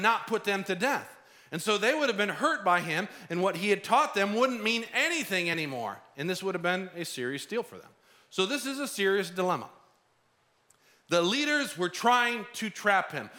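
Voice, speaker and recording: A middle-aged man preaching a sermon, lively, acting out the voices of the people in the story. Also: sits high. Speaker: pastor.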